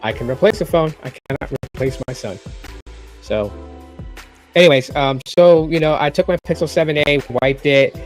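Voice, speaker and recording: A man's voice: a little high, moderate pace, soft background music. A middle-aged man hosting a tech livestream in casual chat, rambling and repeating himself as he tells stories. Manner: rambling, repeats phrases, lively storytelling.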